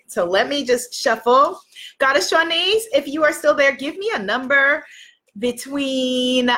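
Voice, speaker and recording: A high-pitched woman with a bright, forceful voice hosts a casual live stream. She reads oracle cards and greets each viewer by name in an effusive, chatty way.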